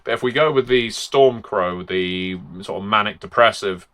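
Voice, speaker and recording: A man's voice: lowish voice, moderate pace, few pauses, a bit bright. A man, a game master and host, explaining tabletop role-play tips in a chatty, demonstrative way.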